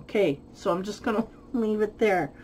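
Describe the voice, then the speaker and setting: Woman, tarot reader, mid-pitched voice, musing, groping for words, light laughs. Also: normal speed, darkish tone, slightly rough, poor audio. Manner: thoughtful, searching for words, frequent light laughs. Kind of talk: spiritual tarot reading.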